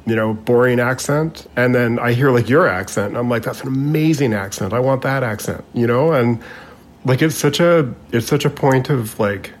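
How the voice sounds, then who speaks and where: A Canadian man chatting easily as a podcast co-host, pitched right in the middle of the male range. He laughs often and trails through his thoughts with plenty of fillers, while a faint hiss sits under the recording. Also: normal speed. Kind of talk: casual chat.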